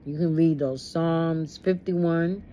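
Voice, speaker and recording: A woman's voice: low-pitched, steady tone, slow pace, warm tone, slight background noise. A woman leading a Bible study, reading the text and breaking into folksy, preachy asides. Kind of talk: conversational Bible study teaching.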